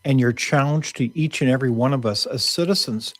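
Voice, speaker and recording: A man hosting and moderating a panel discussion, asking measured, probing questions. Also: medium pitch, no echo. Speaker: host.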